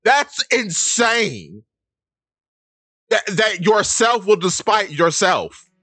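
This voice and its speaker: A man co-hosting a podcast in casual chat, animated, often acting out characters' lines. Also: high-pitched, drawn-out words, slightly rough, no echo, faint music behind. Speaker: podcast co-host. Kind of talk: casual chat about anime.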